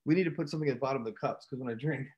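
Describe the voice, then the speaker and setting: A man hosting a casual live stream, telling a story with animated outbursts and acted-out shouts. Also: medium pitch, rapid-fire, lo-fi sound, slight background noise. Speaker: host.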